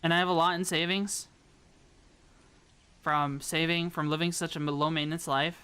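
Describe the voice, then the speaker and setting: A woman's voice: sits low, fairly even intonation, moderate pace, fairly bright tone, clear, resonant tone. A woman from the American South chatting casually with viewers as a streamer while she builds a model. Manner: rambling, chatty, talks to viewers. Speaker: VTuber streamer.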